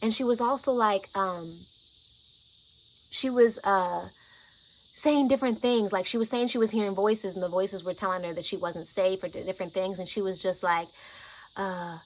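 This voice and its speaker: A woman vlogger telling a personal story, chatty and animated, often saying "like" and "y'all". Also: mid-range voice, moderate pace, a little hiss or hum, poor audio.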